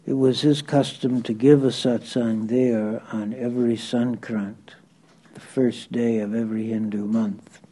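Man reading a devotional story, steady and measured, deep mellow tone. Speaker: reader.

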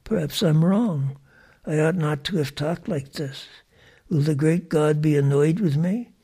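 A man's voice: fairly high pitch, unhurried, mellow, breathy edge. A man reading as an earnest shepherd boy. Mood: anxious. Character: simple devoted young shepherd boy.

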